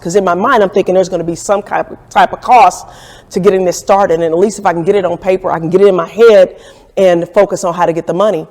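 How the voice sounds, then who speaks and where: Quick-paced and steady, this lowish, darkish female voice belongs to an entrepreneur candidly recounting her beginnings in a documentary interview. She reflects as she talks and acts out the quoted exchanges, and a long reverb fills the echoey space.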